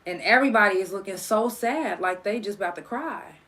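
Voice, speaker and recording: Telling a personal story on her podcast, a young woman talks in a mid-range voice at a slightly fast clip. She keeps it casual, animated and profane, performing the lines of each person she quotes.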